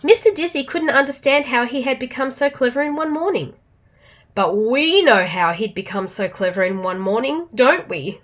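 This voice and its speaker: Aussie mum storyteller for kids, lively and rather high voice. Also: female voice, moderate pace. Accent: Australian. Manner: expressive, animated reading. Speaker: children's storyteller. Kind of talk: storybook read-aloud for children.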